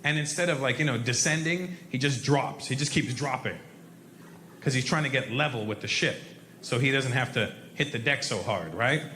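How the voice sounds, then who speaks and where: A man doing a stand-up comedy set on stage before a live audience, telling a profane, animated story and bantering with the crowd. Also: medium pitch, moderate pace, echoey room, slight background noise.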